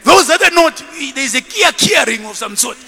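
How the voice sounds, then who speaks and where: Man, preacher, high voice, bright forceful tone, animated and shouting, long church-hall reverb. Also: normal speed. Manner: animated, shouting, with bursts of laughter; calls for congregation repeat-after-me. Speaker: bishop, preacher. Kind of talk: sermon.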